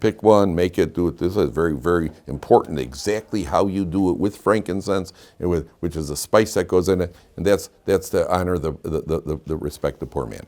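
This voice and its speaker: A man's voice: deep voice, a little fast, few pauses, a little mellow. An older man from Chicago, teaching a casual Torah class, rambling through anecdotes with lots of restarts. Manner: chatty, digressive storyteller with frequent restarts.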